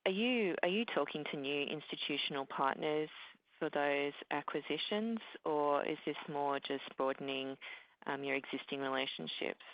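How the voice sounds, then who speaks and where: A woman's voice: low voice, moderate pace, no echo. A woman analyst asking polite questions on an earnings call, with frequent ums. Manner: polite, filler-laden questioning. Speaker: analyst caller. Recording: dry lo-fi audio.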